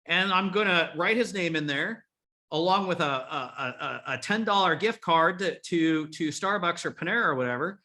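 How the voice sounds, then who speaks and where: A man's voice: a little high, normal speed, pushed and bright. A man coaching a group of remodelers in a blunt, profane style, rallying his listeners. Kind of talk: coaching talk to a live group.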